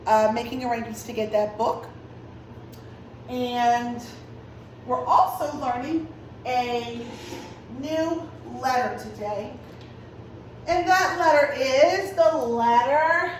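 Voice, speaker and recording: Woman, kindergarten teacher, high voice, slow sing-song delivery, roomy distant mic. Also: slight background noise. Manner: slow, clear, sing-song teacher talk to small children. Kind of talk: virtual class lesson.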